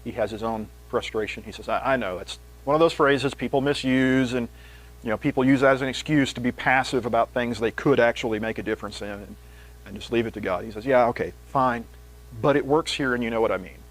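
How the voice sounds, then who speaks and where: A man preaching a sermon in a conversational, animated way, reading scripture aloud with rising pitch and volume. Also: brisk, rough recording.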